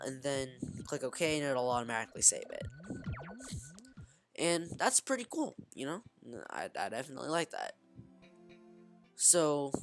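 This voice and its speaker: A woman giving casual, rambling gameplay commentary, restarting her sentences and calling out to "guys.". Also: low-pitched. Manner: rambling, frequent restarts, keeps saying "guys". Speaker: gaming video creator. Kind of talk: casual let's-play commentary.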